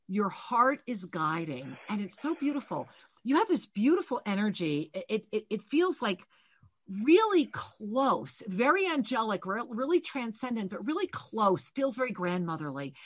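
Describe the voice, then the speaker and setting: A woman co-hosting a live spiritual call-in radio show, giving slow, soothing readings to callers. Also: medium pitch, no room sound. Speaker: co-host, spiritual teacher.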